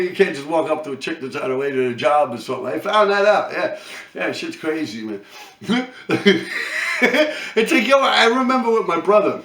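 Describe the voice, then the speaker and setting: A New York City man in his fifties, with a New York accent, vlogs a casual storytelling rant full of profanity, rambling and lots of laughing. His voice runs high and a bit bright, sounding reverberant and recorded from a distance.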